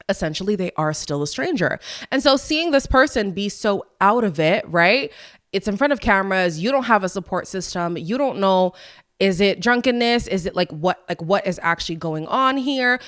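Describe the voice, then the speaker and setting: A young adult woman hosting a casual recap podcast. She talks in a chatty, animated way and quotes people in playful voices. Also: medium pitch, clean tone. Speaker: podcast host.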